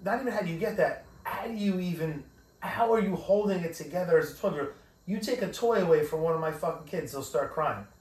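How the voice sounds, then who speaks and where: A man's voice: fairly high pitch, animated, fast, a little mellow. A man in his forties, a podcast co-host, chatting casually and profanely, rambling through emotional stories. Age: 40s. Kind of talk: casual chat. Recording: echoey room, mic at a distance.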